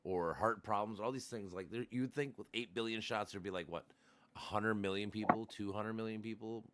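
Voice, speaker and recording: A man's voice: fairly low pitch, a little fast, heavy background noise. A man in casual chat, talking in a rambling, profane way with many restarts. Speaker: podcast host.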